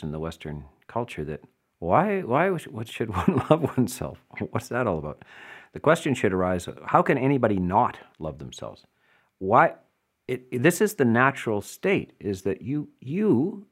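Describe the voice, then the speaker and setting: Lively, emphatic male meditation teacher. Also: mid-range voice. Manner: emphatic, explanatory, with rhetorical questions. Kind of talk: dharma talk answering listener questions.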